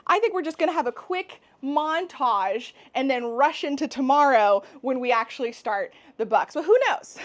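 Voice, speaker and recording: A woman's voice: sits high, expressive, normal speed, few pauses. A young woman chatting casually in a book vlog, giggly and rambling, with faint music underneath. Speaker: book vlogger.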